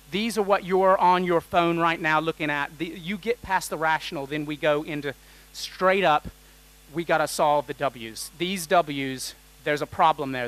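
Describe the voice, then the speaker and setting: Jokey, energetic male keynote speaker. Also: a little high, low-quality recording. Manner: energetic and jokey, quizzing the audience. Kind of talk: lively conference talk. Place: conference stage.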